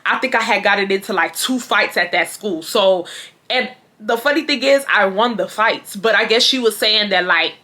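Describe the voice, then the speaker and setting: A woman's voice: medium pitch, moderate pace. A woman, telling a casual storytime with slang and swearing. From Houston, Texas. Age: 20s. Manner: animated, slangy, swears freely. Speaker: storytime vlogger.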